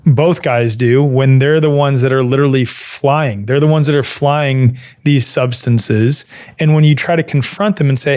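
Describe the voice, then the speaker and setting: A man's voice: medium pitch, steady tone, normal speed, darkish tone, no room sound, clean studio sound. A man hosting a podcast, interviewing a guest in an engaged and affirming way. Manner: engaged, affirming, asks follow-ups. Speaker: podcast host. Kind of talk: casual interview.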